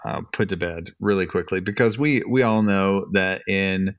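With a low voice and a clean tone, this middle-aged podcast co-host talks at a moderate pace about church leadership. The discussion is casual, and he comes across as thoughtful, often hunting for the right words. There is no echo.

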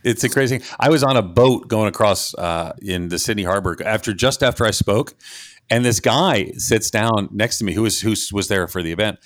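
A man from New York trades stories on a podcast, quick to joke and playful in his delivery. His voice sits low, and the recording is dry and close with no room sound. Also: no echo. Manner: joking, animated storyteller. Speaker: podcast co-host. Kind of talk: casual chat.

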